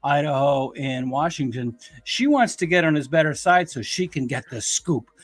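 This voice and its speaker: A man's voice: fairly high pitch, normal speed, no room sound. A man who is an attorney, giving blunt, emphatic criticism in a casual podcast discussion. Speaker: guest commentator, attorney.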